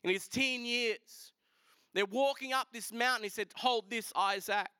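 A man preaching a sermon, retelling a scripture story in a lively, casual way with asides to the congregation. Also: extremely high pitch, a little slow, clear, resonant tone, no echo. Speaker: pastor.

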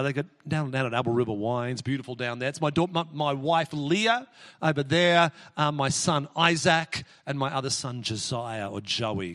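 A middle-aged pastor preaching in a church hall, his sound carrying a long, ringing reverb. His voice is bright and forward and sits a little high for a man. He talks in an animated, exclamatory way and restarts his sentences often. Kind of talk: sermon with prayer and personal stories.

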